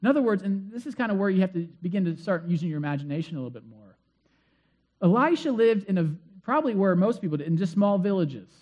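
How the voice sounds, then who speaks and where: A man's voice: high-pitched, big pitch swings, quick pace, a little mellow, lo-fi sound. A male pastor preaching a sermon in a conversational, storytelling way with frequent fillers.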